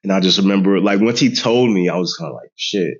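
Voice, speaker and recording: A man in his thirties, a podcast guest, retelling a family story in a casual, animated way, mimicking others' voices and laughing often. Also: low voice, fast. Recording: dull lo-fi sound.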